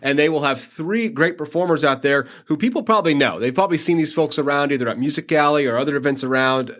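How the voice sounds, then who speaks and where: A man's voice: on the high side, fast talker, fairly bright tone. A man who works as a city tourism manager, talking upbeat through upcoming events on a podcast. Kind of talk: casual interview talk.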